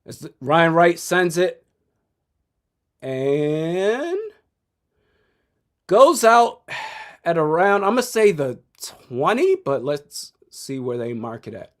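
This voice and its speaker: A man's voice: on the high side, very animated, slow, pauses often. A young man in his twenties commenting live on a football game, blunt and opinionated, chuckling often. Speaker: sports streamer.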